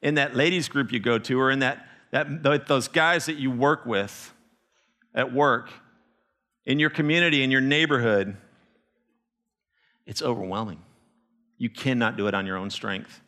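A man preaching a sermon as a missionary, telling stories with animated emphasis and frequent restarts. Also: medium pitch, moderate pace. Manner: animated storytelling with restarts, rising to emphatic peaks.

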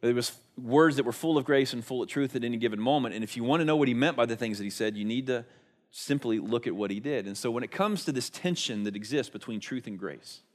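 A pastor delivering a sermon with a voice of ordinary pitch for a man. He talks to his congregation in a conversational way, posing rhetorical questions. His delivery moves between emphatic stretches and hushed, quiet passages. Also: quick pace.

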